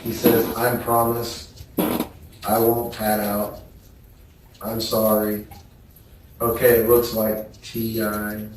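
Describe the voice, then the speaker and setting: A male trial witness reads text messages into the record at a slow, unhurried pace. His voice sits low and barely moves in pitch. The sound is distant and echoey, carried through a large courtroom with a faint hiss behind it. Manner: slow, flat, subdued reading. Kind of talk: reading text messages aloud in testimony.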